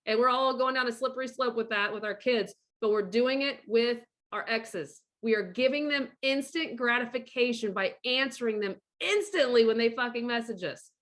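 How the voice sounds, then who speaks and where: A middle-aged woman talks straight to camera with a high voice. Her tone is sharp and forceful, and she swears freely. She gives blunt orders as a divorce coach. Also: normal speed, few pauses. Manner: blunt, profane and emphatic; bossy, gives direct orders. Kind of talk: casual profane monologue to camera.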